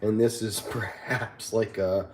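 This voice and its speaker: A man's voice: fairly low pitch, takes it slowly, slight background noise. Laughing male livestream host, roomy sound. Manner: laughing, animated storytelling. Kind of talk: casual livestream chat. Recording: roomy echo with faint music.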